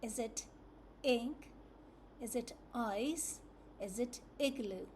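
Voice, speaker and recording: A woman teaching phonics to young children, slowly and patiently, repeating each letter sound several times. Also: a little high, a little mellow, a little hiss or hum.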